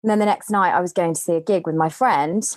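Low-voiced woman telling a candid story. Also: fast, no room sound. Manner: animated, acts out quoted lines in a higher voice. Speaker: podcast guest.

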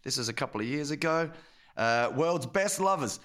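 Bright lively-voiced man riffing. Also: fairly high pitch. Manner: jokey, riffing, quick asides. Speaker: podcast co-host. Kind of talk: casual comedic banter.

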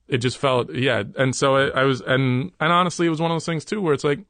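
A man as an interview guest, candidly recounting a workplace conflict in an earnest, halting way with many restarts. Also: medium pitch, steady tone, a bit bright, dry recording.

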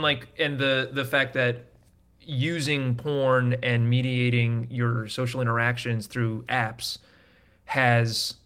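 Measured man co-hosting a podcast. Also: medium pitch, a bit bright. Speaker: podcast co-host. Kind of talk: casual podcast chat.

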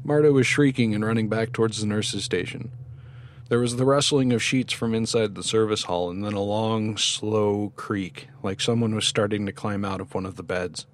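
Low-voiced man narrating horror. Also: steady tone, normal speed, slight background noise. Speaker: narrator and podcast host.

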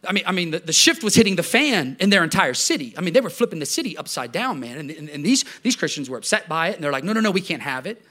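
Animated, fairly high-voiced male preacher. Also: fast, hardly any pauses. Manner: conversational, animated preaching with swings from loud to hushed; frequent restarts and repeated words. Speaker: pastor. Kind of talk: sermon.

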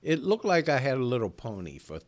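A man's voice: medium pitch, very animated, brisk. A man co-hosting a comedy podcast, rambling and stammering in casual chat and laughing often. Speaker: podcast co-host.

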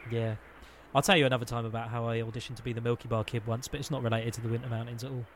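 A man, co-hosting a podcast and telling an anecdote with lively, excitable energy. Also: mid-range voice, rapid-fire, slight background noise. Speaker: podcast co-host. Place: podcast studio.

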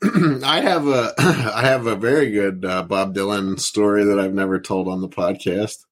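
A man co-hosting a podcast, chatting casually in a relaxed way and laughing easily. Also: lowish voice, moderate pace. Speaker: podcast co-host. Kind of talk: casual chat.

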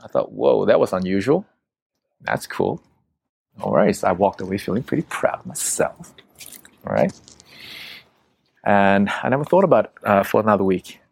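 A man with a low, gravelly voice tells a story in a casual, conversational way. He is vivid and profane and slips into the voices of the people in it. The sound is dry and close. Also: big pitch swings, fairly quick, long pauses, no echo. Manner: vivid, profane, acts out quotes. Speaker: guest telling a story.

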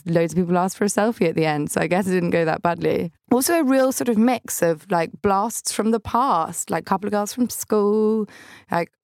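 A woman's voice: lowish voice, darkish tone, no echo, studio quality. A young woman hosting a podcast, telling funny stories about her week in a bubbly, self-deprecating way. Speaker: podcast host. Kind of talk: chatty comic monologue.

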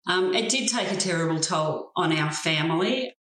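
A middle-aged Australian woman, a guest telling her own story in a frank, plain-spoken and steady way. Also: lowish voice, moderate pace. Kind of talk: personal story in a conversation. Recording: roomy echo.

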